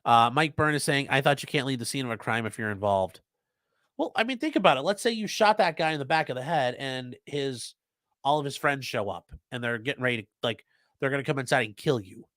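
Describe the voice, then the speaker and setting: A man's voice: mid-range voice, expressive, fairly quick, a bit bright, no echo. A man with a mid-range voice chats on a live stream, reading out viewer comments and answering them bluntly, with swearing thrown in. His voice sounds dry and close, with very little room around it. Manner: blunt, profane, conversational, reads chat aloud. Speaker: lawyer hosting a live stream.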